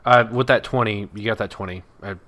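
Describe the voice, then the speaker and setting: A man running a tabletop game as dungeon master. His voice is bright and forceful as he narrates casually, with plenty of uhs and likes along the way. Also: on the low side, fairly quick. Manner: casual, laughing narration with fillers.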